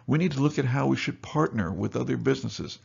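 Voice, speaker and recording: A man's voice: medium pitch, lively intonation, fast, vocal fry, a little mellow, slightly rough, highs cut off. A male store owner giving a seminar talk, telling customer anecdotes and acting out both sides of the conversations. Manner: storytelling, acts out both sides of dialogue.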